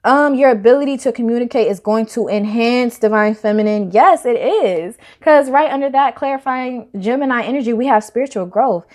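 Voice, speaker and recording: Chatty woman tarot reader, higher voice. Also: fairly quick, hardly any pauses, a little mellow. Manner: chatty and emphatic, casual swearing, addresses viewers directly. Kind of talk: casual tarot reading to camera.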